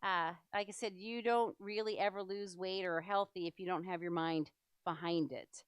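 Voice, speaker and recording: A woman's voice: fairly low pitch, steady tone, moderate pace, clear, resonant tone, no room sound. A middle-aged woman presenting a church health seminar, chatty and enthusiastic, with many fillers. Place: church hall.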